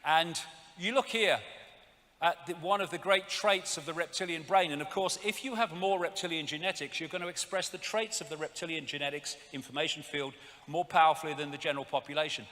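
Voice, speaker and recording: A man lectures from a stage in a high, bright, cutting voice. He rants and mocks, swearing freely as he goes. His voice rings through a long hall reverb, with a faint crowd behind him. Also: brisk. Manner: ranting, sarcastic, swears often. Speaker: public speaker.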